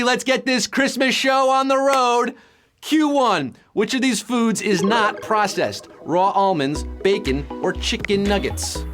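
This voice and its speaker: A man hosting a live trivia game show, full of quick puns and jokes. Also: high-pitched, a bit bright. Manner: jokey, punny, quick patter.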